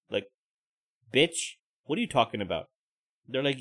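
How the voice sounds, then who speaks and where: A man's voice: medium pitch, sing-song, moderate pace, fairly bright tone. Profane, heated man ranting. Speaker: podcast host. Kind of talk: ranting commentary.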